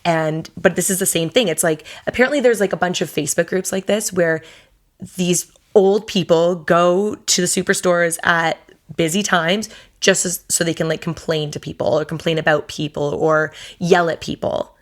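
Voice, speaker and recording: Chatty low-voiced woman co-host. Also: moderate pace. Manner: chatty, many "like" fillers, rambling asides. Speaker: podcast co-host. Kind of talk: casual chat.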